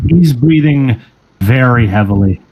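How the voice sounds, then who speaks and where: A man running a tabletop role-playing game, narrating scenes in a measured, descriptive way. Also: mid-range voice, animated, breathy edge, narrow, tinny audio. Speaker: game master.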